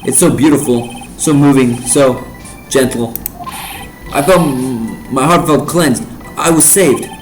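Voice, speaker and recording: A man reading the lines of an excitable, lovesick young man in a video game, eager and stammering as he rushes through them. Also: medium pitch, faint music behind, lightly acted, poor audio. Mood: dreamy.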